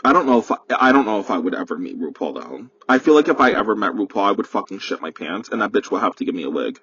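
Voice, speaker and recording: A man's voice: fairly low pitch, lively intonation, fast talker, fairly bright tone, slight background noise. Profane rambling young man ranting. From New York. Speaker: podcast host. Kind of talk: casual solo storytelling rant. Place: parked car. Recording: dull, muffled sound.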